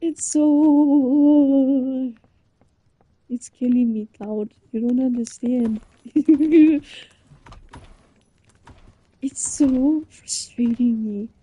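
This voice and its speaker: A woman's voice: sits high, drawn-out words, pauses often, dark tone, husky, dry recording. A young woman chatting casually, flustered and embarrassed, rambling and restarting her sentences. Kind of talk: casual chat.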